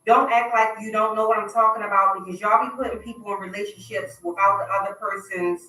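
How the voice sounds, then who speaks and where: A woman's voice: medium pitch, fairly even intonation, brisk, bright, forceful tone. A woman hosting a talk radio show, making upbeat, chatty announcements from a studio. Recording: roomy, distant mic.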